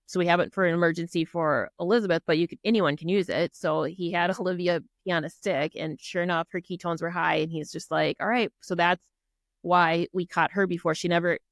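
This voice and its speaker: A middle-aged woman from Minnesota, appearing as a podcast guest, tells a personal story earnestly and animatedly, acting out what people said and using many fillers like "like" and "um." Her lowish voice is brisk, and the studio-quality recording has no echo.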